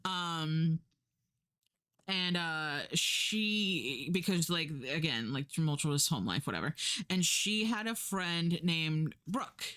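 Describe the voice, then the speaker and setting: A woman's voice: low voice, expressive, takes it slowly, a bit bright, clean tone. A young woman from the United States casually chatting as a streamer, retelling a story in a rambling way with lots of fillers and self-corrections, putting on voices for the people she quotes.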